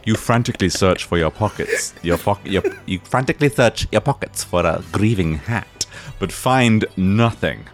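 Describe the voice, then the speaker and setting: A man's voice: sits low, lively intonation, moderate pace, few pauses, soft background music. Man narrating a comic tabletop game. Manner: dry, mock-dramatic storytelling. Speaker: game master.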